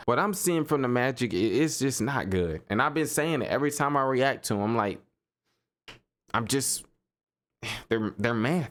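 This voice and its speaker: A young man talking hoops on his own podcast, loose and excitable, circling back on his points and laughing in disbelief. His voice sits at an everyday middle pitch. The talk is easygoing and conversational. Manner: animated, repeats himself, laughs and riffs in disbelief. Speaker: sports podcast host. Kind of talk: casual solo sports commentary.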